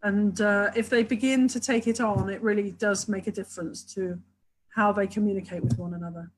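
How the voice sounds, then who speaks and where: A woman's voice: mid-range voice, steady tone, brisk, slight background noise, rough recording. A woman who works as a couples therapist, talking enthusiastically and at length in a webinar, explaining her ideas with many asides. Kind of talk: webinar talk.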